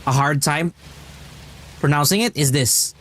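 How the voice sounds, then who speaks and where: Unhurried and fairly bright in tone, a man with a voice on the high side streams a game amid slight background noise. His casual live-stream chat is long-winded and explanatory, full of frequent restarts.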